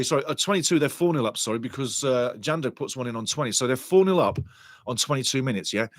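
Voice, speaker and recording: A man chatting live on a football fan stream, greeting viewers and talking through results. His voice sits at an ordinary middle pitch. The recording is dry and close, with no room echo. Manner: chatty, reads viewer comments aloud, coughs and laughs. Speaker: football watch-along host. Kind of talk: live stream chat and match talk.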